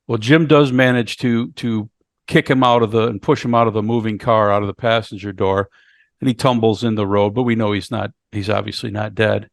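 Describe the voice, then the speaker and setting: A man with a fairly low, evenly intoned voice and some vocal fry co-hosts a podcast, casually recapping a horror movie. He speaks haltingly and keeps repeating words as he walks through the plot. The clean studio recording has no echo.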